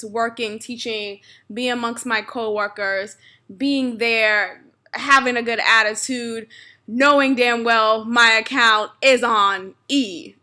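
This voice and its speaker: A young woman talks casually on her own podcast, venting her frustration and often breaking into laughter. Her voice is bright and a little higher pitched than most. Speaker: podcast host. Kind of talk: casual solo podcast rant.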